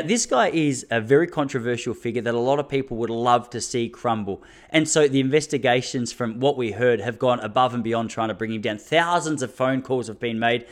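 An Australian man in his thirties hosting a solo podcast, talking intensely and laughing between his points. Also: medium pitch. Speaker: podcast host. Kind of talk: casual solo podcast monologue.

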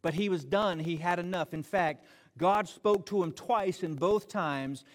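A man preaching a sermon, telling the story in an animated, joking way and acting out the dialogue. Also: sits high, unhurried. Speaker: pastor. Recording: long hall reverb.

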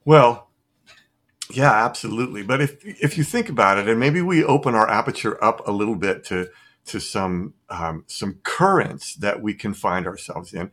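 A man's voice: lowish voice, normal speed, fairly bright tone, breathy edge. Expansive, enthusiastic middle-aged man. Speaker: podcast guest, artist. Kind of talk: reflective conversation.

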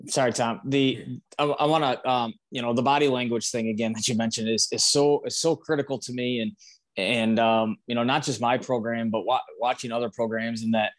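A coach talking on a podcast in a casual, conversational way. He is a man with a voice of ordinary middle pitch, and he acts out the lines he gives to the kids on his team. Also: fairly even intonation, brisk. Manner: conversational, acting out what he says to players. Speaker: high school coach. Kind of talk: casual discussion on leadership.

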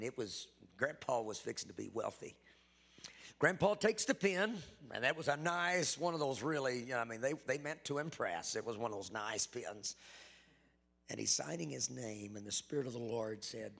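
A middle-aged man, a pastor giving a sermon testimony at a church service, emphatic and swinging between loud and hushed. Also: mid-range voice, vocal fry, long reverb tail.

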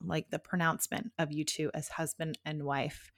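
A woman's voice: low voice, flat delivery, normal speed, no echo, studio quality. A woman co-hosting a casual chat about weddings, giving practical advice and laughing easily. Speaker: wedding podcast co-host.

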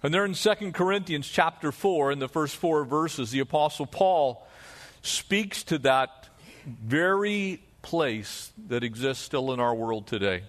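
A man pastor preaching a sermon, moving from emphatic rises to hushed, low drops. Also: lively intonation, a little slow.

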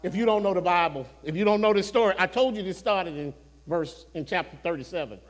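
High-voiced preacher shouting in a reverberant hall. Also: male voice, lively intonation. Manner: swings from soft, slow murmurs to shouted climaxes; call-and-response preaching, addresses congregation directly. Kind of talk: sermon. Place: church sanctuary.

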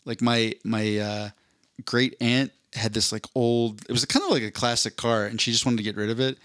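A man's voice: medium pitch, steady tone, normal speed, fairly bright tone, no room sound, studio quality. A man co-hosting a podcast, telling a long casual story with lots of restarts and self-corrections. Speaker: podcast co-host. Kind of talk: casual chat.

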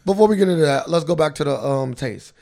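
A man's voice: on the high side, gravelly, darkish tone. Guy cohosting a chill podcast, teases and pokes w questions. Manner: teasing, prodding questions, quick laughs. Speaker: podcast co-host. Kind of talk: casual chat.

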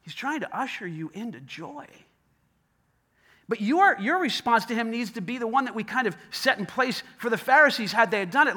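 A man's voice: extremely high pitch, lively intonation, normal speed, sharp tone. A man preaching a sermon in an emphatic, conversational way, often repeating himself. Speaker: pastor.

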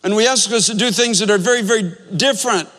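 A man's voice: high-pitched, fast talker, fairly bright tone, long reverb tail. A man preaching a sermon, telling a story with earnest emphasis and repeating phrases to drive points home. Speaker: pastor.

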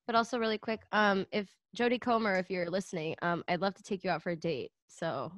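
A woman's voice: medium pitch, fairly quick, dry recording. A woman who acts, a guest on a podcast, chatting casually in a playful, joking way. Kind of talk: casual chat.

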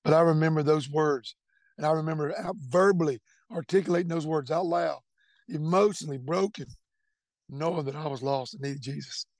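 In a slightly high voice and a brisk pace, a middle-aged man earnestly recounts his faith testimony, repeating words as he speaks. The recording has no echo.

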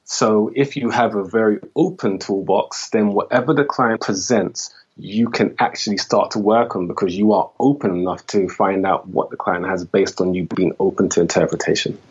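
A man's voice: on the low side, fairly even intonation, normal speed, few pauses, husky, muffled recording. A man who works as a holistic health practitioner, explaining his views as a guest in a podcast interview and often saying "you know".

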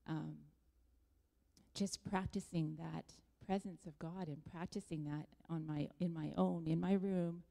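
A woman gives a reflective, encouraging testimony to a church group. Her voice is low and gravelly with a dark, mellow tone. The long reverb of a large hall hangs around her words. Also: fairly even intonation, unhurried.

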